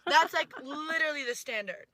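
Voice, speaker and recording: A woman in an online video, talking emphatically and preachily in a quick, rushed rush of words. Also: sits high, animated, pushed and bright, no echo. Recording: noisy clip with clicks.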